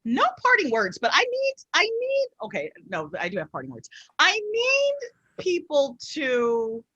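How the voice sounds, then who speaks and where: A middle-aged woman, an author guest on a podcast, telling stories in a lively, emphatic way and repeating words for emphasis. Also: high-pitched, measured pace, no room sound, dull audio. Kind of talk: casual interview storytelling.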